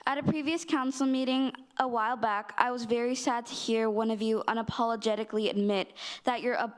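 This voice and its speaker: An earnest woman with a fairly high voice. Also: steady tone, fairly quick, clear, resonant tone. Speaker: public commenter at a city council meeting. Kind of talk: public comment speech. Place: city council chamber.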